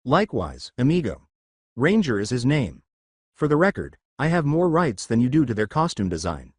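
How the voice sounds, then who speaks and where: A man's voice: mid-range voice, huge pitch swings, moderate pace, slightly rough, no echo, clean studio sound. A man voicing a blunt former soldier turned teacher, curt and matter-of-fact.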